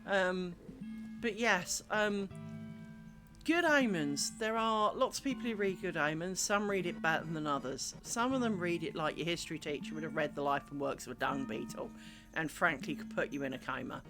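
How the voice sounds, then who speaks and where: A woman's voice: lowish voice, normal speed. A woman chatting casually on a live craft stream, rambling through stories and muttering at herself as she works. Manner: mutters and scolds herself while working. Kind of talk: casual live-stream chat while working. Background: music playing.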